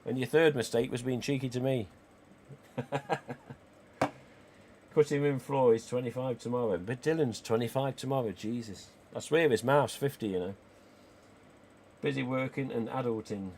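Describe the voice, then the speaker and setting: A man, croaky today, hosting a live stream and chatting cheekily with viewers. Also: medium pitch, moderate pace, pauses often, a little mellow, a little hiss or hum. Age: 40s. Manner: chatty and cheeky, with casual swearing. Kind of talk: casual livestream chat reading viewer comments.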